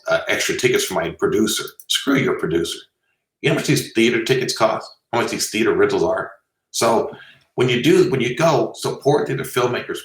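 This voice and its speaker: Man, low voice, blunt, jokey, animated storyteller, echoey, off-mic. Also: far from the mic. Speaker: film festival co-founder, guest. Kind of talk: casual interview storytelling.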